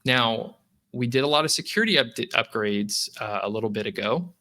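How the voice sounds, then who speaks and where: Man, casual podcast guest, animated delivery, swooping pitch, bright forceful tone. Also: brisk. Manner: animated, acts out users' voices. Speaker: guest from a lending app.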